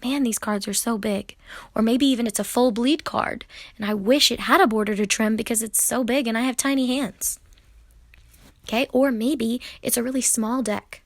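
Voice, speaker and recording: A young woman delivers an exasperated vlog rant, addressing the camera head-on with blunt indignation. Her slightly high voice carries a gravelly fry. The sound is dry and close, with no room echo. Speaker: tarot YouTuber. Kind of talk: ranting vlog commentary.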